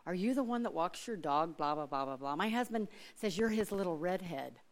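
A woman's voice: on the low side, animated, brisk, slight background noise. A middle-aged woman from Alaska giving a chatty sermon full of personal stories, laughing often and acting out other people's voices. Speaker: church speaker.

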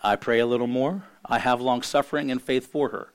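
A middle-aged man preaching a sermon as a pastor, hoarse from losing his voice, earnest and halting with frequent restarts. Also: mid-range voice, fairly even intonation.

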